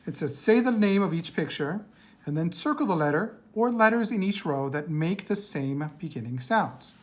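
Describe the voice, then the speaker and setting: A woman teacher reading a worksheet aloud to young children, patient and slow, asking questions and answering them herself. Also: fairly low pitch, lively intonation.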